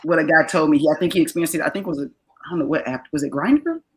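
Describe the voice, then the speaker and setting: A woman with a lowish voice chatting on a podcast. She stops and restarts often, weighing each word so as not to overgeneralize. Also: a little hiss or hum, low-quality recording. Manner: halting, restarts while choosing words carefully. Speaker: podcast co-host. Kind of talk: casual podcast chat.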